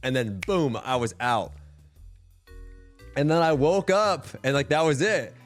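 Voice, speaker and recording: A man's voice: on the high side, expressive, unhurried, soft background music. A young man and streamer telling a story in casual chat, rambling with lots of filler words and swearing.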